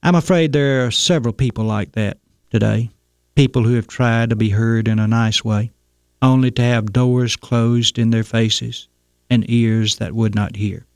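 Male radio host, measured folksy storytelling, dry close studio sound. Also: mid-range voice, steady tone, smooth, no room sound. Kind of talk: scripted radio commentary, storytelling.

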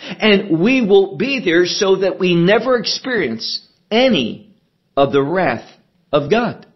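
A man preaching a sermon, explaining a scripture passage in slow, deliberate teaching with emphatic stresses. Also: high-pitched, sing-song, highs cut off.

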